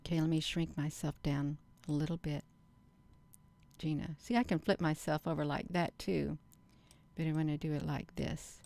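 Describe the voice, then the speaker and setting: A middle-aged woman hosting her own channel, talking slowly and earnestly to her viewers in a rambling casual monologue. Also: sits low, steady tone, vocal fry, a little mellow. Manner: slow, earnest, addresses viewers as "you all". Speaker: channel host.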